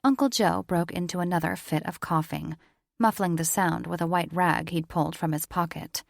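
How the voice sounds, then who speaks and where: A woman reads an audiobook in a steady, measured storytelling manner. Her voice sits on the low side with a noticeable gravelly fry. The recording is dry and close, with no room sound. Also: dry recording. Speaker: audiobook narrator. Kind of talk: audiobook narration.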